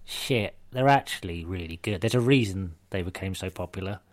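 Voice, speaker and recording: Man, low voice, dry close sound, reflective teasing podcast chat. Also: normal speed, no echo. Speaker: podcast co-host. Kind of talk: casual chat.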